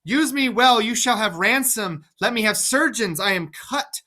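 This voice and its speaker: A man voicing a wild, frantic old king, declaiming theatrically in a high, excited voice. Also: a little slow, exaggerated voice. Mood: bewildered pleading.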